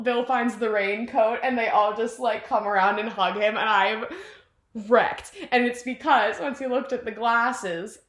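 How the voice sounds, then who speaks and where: Rambling young woman retelling a plot. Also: medium pitch. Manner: rambling, animated, heavy use of "like", acts out quotes. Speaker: vlogger retelling a film plot. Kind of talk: casual chat. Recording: echoey room.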